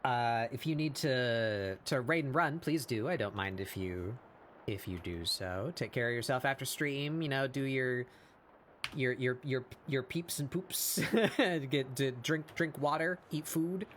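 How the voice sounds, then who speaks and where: A man hosting a casual art live stream, hoarse after hours of talking, rambling with fillers and laughs. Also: mid-range voice, a little slow, a bit bright, a little hiss or hum. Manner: rambling and self-deprecating, with frequent fillers and laughs. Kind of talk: casual live-stream chat while drawing.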